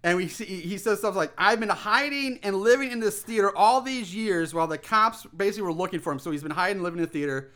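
A man with a high, bright voice recaps a movie plot in loose, casual podcast chat. He rambles, swears freely and often restarts his sentences. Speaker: podcast co-host.

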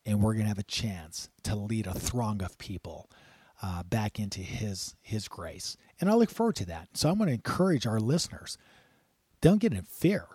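A man's voice: fairly low pitch, lively intonation, moderate pace, dark tone, husky, no echo. Earnest Christian radio host, man. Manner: earnest and encouraging, rising to exhortation. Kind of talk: Christian talk show, preaching and storytelling.

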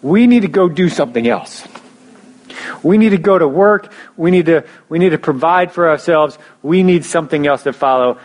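Casual young male preacher, restarts. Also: fairly high pitch. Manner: casual storytelling with many restarts and fillers. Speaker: pastor. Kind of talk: sermon.

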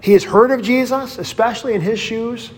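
A man, a pastor, leading a Bible study in a casual, animated storytelling way. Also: extremely high pitch, brisk, long reverb tail.

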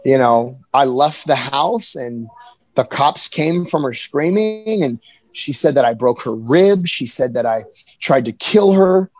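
A young adult man telling a candid personal account in an earnest, halting way, often restarting his sentences. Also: mid-range voice, animated, a little mellow, dry recording, faint music behind, poor audio. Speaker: personal storyteller.

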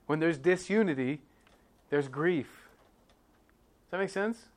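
A man's voice: a little high, takes it slowly. Conversational male pastor preaching. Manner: conversational preaching, frequent "right?" check-ins, swings between quiet and loud. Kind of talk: sermon.

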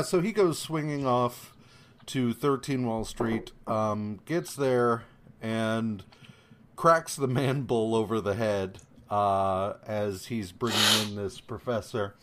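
A man's voice: medium pitch, slight background noise. A man co-hosting a casual podcast, recapping a comic with many ums and meandering asides. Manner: meandering, lots of ums, quick acted quotes. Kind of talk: casual chat.

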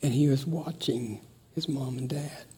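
Slow, mellow-voiced older man. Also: mid-range voice. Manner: slow, warm, emotional storytelling. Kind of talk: reflective family talk.

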